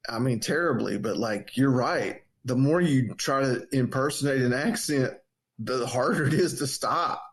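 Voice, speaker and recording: A man co-hosting a casual podcast, teasing his partner with quick wisecracks. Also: medium pitch. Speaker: podcast co-host.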